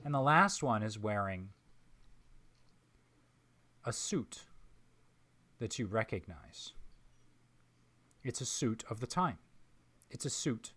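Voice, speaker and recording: Guy running a tabletop rpg, slow careful scene-setting, mid pitch. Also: a bit bright. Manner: measured, descriptive, with frequent pauses. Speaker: game master. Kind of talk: narrating a tabletop game.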